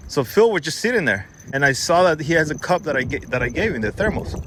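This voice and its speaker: Guy telling a long rambly story, voice a bit high, keeps correcting himself, bit of noise in the back. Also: sing-song, fast talker. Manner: rambling, self-correcting, quotes others in a raised voice. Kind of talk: casual storytelling.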